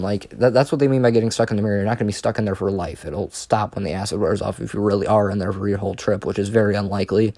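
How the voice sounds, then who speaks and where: A man's voice: on the low side, warm tone, dry recording. A young man telling a casual storytime monologue, rambling and profane, with frequent restarts. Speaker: storyteller vlogger.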